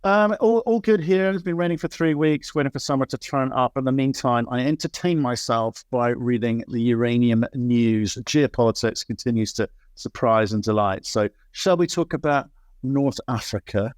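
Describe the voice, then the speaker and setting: A man's voice: mid-range voice, normal speed, darkish tone, clear, resonant tone, no room sound, studio quality. A man hosting an interview in a casual, wry manner, asking long, rambling questions full of restarts. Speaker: interview host.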